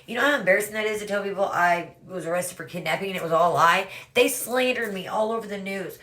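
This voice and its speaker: A woman's voice: medium pitch, quick pace, pushed and bright. A woman casually telling her own story to viewers, rambling and swearing freely, often calling out "you guys".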